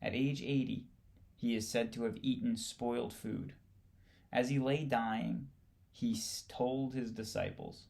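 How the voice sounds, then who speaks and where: Slow, gravelly man reading a textbook. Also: medium pitch, fairly even intonation, a little mellow. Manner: halting reading, stumbles and rereads words. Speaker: instructor. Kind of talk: reading a history textbook aloud.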